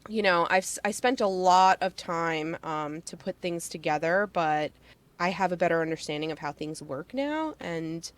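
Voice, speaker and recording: A woman's voice: lowish voice, expressive, dry recording. Chatty woman guest, laughs easily. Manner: chatty, full of "like" and quick laughs. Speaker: podcast guest and streamer. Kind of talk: casual interview chat.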